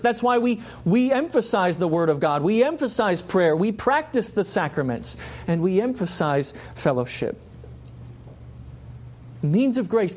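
A man preaching a sermon, passionate and full of repeated rhetorical questions. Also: sits high.

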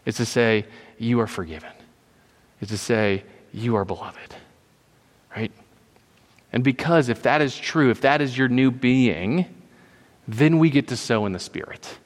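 A man's voice: mid-range voice, animated, a little slow, long pauses, in a large hall. A man preaching a sermon, emphatic and repetitive, often checking in with "right?".

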